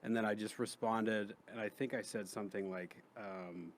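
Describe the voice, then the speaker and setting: Low-voiced man, rambling and profane. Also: fairly even intonation, moderate pace, slight background noise. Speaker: comedian guest. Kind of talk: casual podcast chat.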